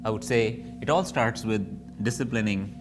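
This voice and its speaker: A man's voice: fairly low pitch, moderate pace, over music. A man teaching yoga, reflective, asking and answering his own questions. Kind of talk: spoken yoga lesson.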